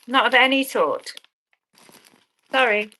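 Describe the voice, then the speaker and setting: A woman's voice: fairly high pitch, slow, pushed and bright. A woman selling earrings on a live stream, chatting cheekily with viewers and swearing with a laugh. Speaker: online auction seller.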